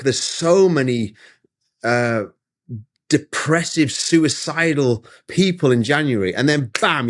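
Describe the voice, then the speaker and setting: A middle-aged man, an interview guest, telling a personal story in an emphatic, animated way with frequent restarts, speaking over a video call from his studio. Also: mid-range voice.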